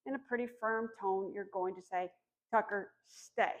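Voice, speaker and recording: A woman dog trainer explaining puppy commands outdoors, giving firm commands and soft praise. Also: mid-range voice, normal speed. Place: outdoors in a yard.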